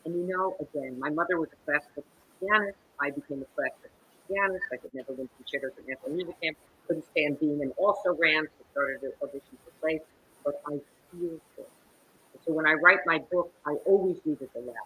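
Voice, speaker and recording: A woman who is a guest actress, telling stories in a theatrical, animated way during an interview on a video call. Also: low voice, fairly quick, a little hiss or hum, poor audio. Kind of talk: interview conversation.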